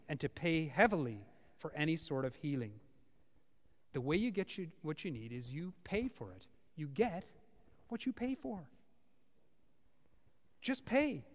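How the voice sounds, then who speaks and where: A male pastor preaching a sermon to a small congregation in a church, with a dramatic delivery that swings from loud to hushed. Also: high-pitched. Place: church, before about fifty people. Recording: reverberant church hall.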